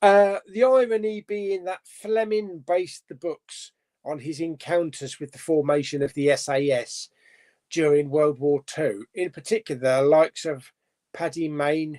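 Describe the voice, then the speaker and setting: A man hosts a casual live stream chat, reading viewer comments aloud and rambling chattily, often correcting himself and laughing. His voice is a little high and a little mellow.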